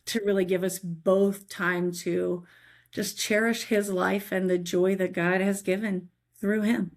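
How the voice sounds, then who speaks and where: A middle-aged woman, speaking unhurriedly in a mid-range voice, tells a personal story of faith as a guest. She's lively and talkative, frequently asking "right?".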